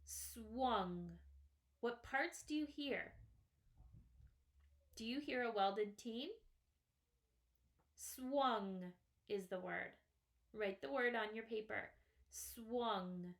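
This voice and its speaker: Woman, first grade teacher, slightly high voice, slow and patient, sounds out every word part. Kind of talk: slow, clearly sounded-out phonics lesson. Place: classroom or home, writing on a small board.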